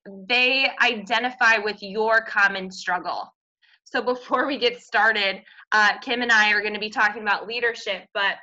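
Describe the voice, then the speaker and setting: A woman's voice: mid-range voice, sharp tone. A woman coaching her team with an earnest, upbeat motivational talk about gifts and purpose. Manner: earnest, upbeat, faith-based encouragement. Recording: dull lo-fi audio.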